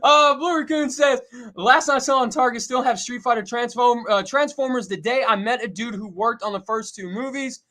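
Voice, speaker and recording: A man hosting a casual live stream, reading out viewer comments in an excitable way, laughing often and filling pauses with "uh". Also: extremely high pitch. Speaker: host reading viewer chat.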